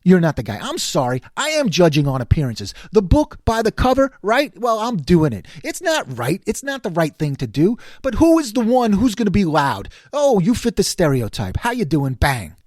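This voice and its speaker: Animated, high-pitched older man ranting. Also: normal speed, hardly any pauses, no room sound, clean studio sound. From New York City area. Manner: animated, sarcastic, exasperated complaining. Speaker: commentary show host. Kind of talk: casual ranting monologue.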